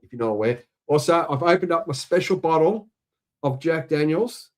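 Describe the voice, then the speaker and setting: Chatty Aussie livestream co-host, middle-aged man, a touch high. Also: animated, moderate pace. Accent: Australian. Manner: chatty, reading out viewer shout-outs. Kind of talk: casual chat.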